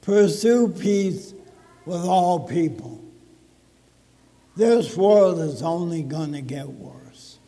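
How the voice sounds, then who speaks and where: A man preaching a sermon as pastor in a church sanctuary, slow and deliberate, with dramatic pauses between phrases. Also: fairly high pitch, mellow, big-room sound.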